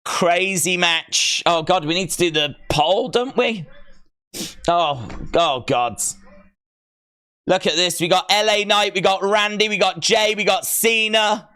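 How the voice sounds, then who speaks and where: A man giving live reaction commentary as a wrestling watch-along streamer, emotional and excitable, often shouting and reading viewer chat aloud. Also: sits high, a little slow, smooth, faint music behind.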